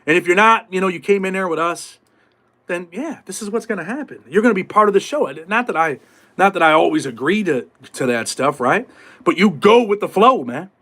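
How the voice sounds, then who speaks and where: A man's voice: sits high, lively intonation, fairly quick, sharp tone. A middle-aged man hosting a live stream, talking casually in streetwise slang with swearing, acting out voices from prison life as he tells stories. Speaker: podcast host.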